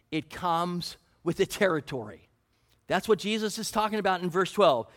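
Pastor, man, high pitch, earnest sermon delivery full of scripture quotes. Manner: earnest preaching, quoting scripture, asking the congregation questions.

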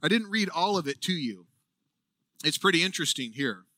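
A man preaching a sermon as a pastor, with earnest, animated delivery and emphatic asides. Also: fairly high pitch, fairly quick, no room sound.

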